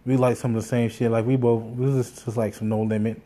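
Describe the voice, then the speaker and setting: A podcast host rambles through a casual story in a fast, level, dark-toned voice pitched mid-range. He swears a lot and fills his talk with fillers and restarts.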